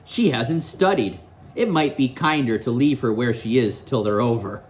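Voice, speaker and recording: A man's voice: medium pitch, moderate pace, a little hiss or hum, natural voice. A man voicing a cheerful, chatty schoolboy while reading a storybook aloud to his class. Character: cheerful young schoolboy wizard.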